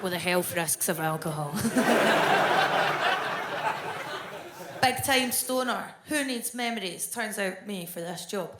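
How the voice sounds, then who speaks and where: A woman in her thirties with a Scottish accent, doing a blunt, deadpan stand-up comedy set on a club stage. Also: medium pitch, takes it slowly, long pauses. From Scotland. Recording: echoey club with crowd noise.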